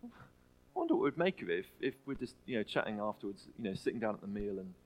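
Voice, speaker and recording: A man preaching a sermon in a church, earnest and halting, often restarting his phrases. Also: fairly low pitch, sing-song, low-quality recording. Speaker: pastor.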